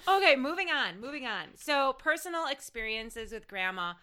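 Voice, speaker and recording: A woman in casual chat who giggles often and reacts with quick exclamations. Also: sits high, big pitch swings, bright, forceful tone.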